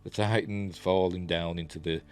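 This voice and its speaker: A man's voice: low-pitched, fairly even intonation, moderate pace, a little mellow, clear, resonant tone, soft background music. A man with a Yorkshire accent giving a rambling, enthusiastic casual review, full of ums and restarts. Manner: rambling, filler-heavy, enthusiastic. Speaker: TV review vlogger.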